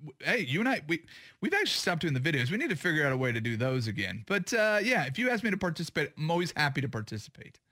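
A man co-hosting a radio talk show, chatting casually and joking, with an animated, jokey manner. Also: rapid-fire. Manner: animated, jokey, pitch jumps when excited. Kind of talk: casual chat.

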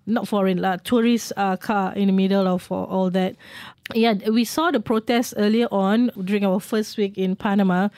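Middle-aged woman, interview guest, mid pitch, dry close sound, chatty anecdotes. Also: normal speed, few pauses, no echo. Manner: chatty, lively anecdotes with fillers. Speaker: guest traveller. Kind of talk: casual storytelling.

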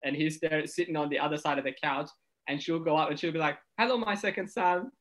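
Guy comedian on a podcast, animated storytelling, does the voices. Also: fairly high pitch, fast talker. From Ethiopia. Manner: animated storyteller, acts out quotes. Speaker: comedian guest.

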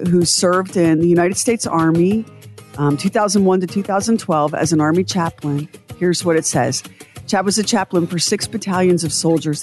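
A woman's voice: fairly low pitch, a little mellow. A woman co-hosting a radio show, chatting casually and playfully, laughing often.

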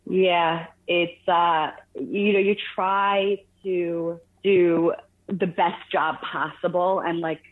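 Low-voiced woman on a tinny phone line. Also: fairly even intonation. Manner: earnest, halting storytelling with many restarts. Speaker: caller sharing a caregiving story. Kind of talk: phone-in radio conversation.

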